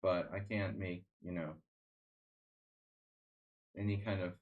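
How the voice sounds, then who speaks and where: A man's voice: low voice, steady tone, slow pace, narrow, tinny audio. A man streaming chess, chatting casually in a rambling, sardonic way, full of restarts and fillers. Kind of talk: casual live-stream chat.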